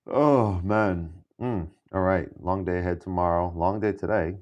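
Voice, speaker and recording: A man livestreaming as a music producer, chatting casually and thinking aloud in a relaxed way while he adjusts his gear. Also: low-pitched, unhurried, dull audio.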